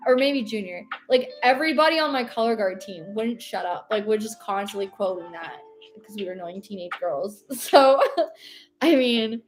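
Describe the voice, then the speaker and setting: An American woman in her late twenties, chatting casually and giggling on a livestream while she paints and answers her chat. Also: mid-range voice. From United States. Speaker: streamer.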